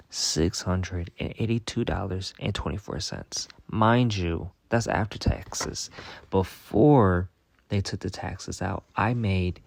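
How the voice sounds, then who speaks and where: A young man with a fairly low voice rants to camera about his pay. He is exasperated and repeats himself, swearing freely. The sound is dry and close, with no room echo. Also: creaky, a little mellow. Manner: exasperated, repetitive, swears a lot. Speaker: vlogger. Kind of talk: casual storytime rant.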